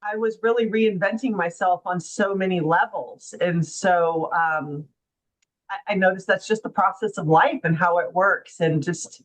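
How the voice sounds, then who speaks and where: A woman's voice: fairly low pitch, unhurried, rough recording. A middle-aged woman, a guest author, telling her story in a heartfelt, reflective way, with many "you know" and "right?" asides. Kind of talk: casual interview storytelling.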